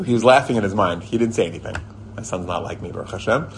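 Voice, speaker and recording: A man telling lively stories to a group and weaving in religious teaching, often jumping into a high excited voice when he quotes people. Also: quick pace, a little hiss or hum. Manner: animated storyteller, jumps to a high excited voice when quoting people; chuckles and restarts mid-sentence. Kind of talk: storytelling talk with religious teaching. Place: lives in Israel.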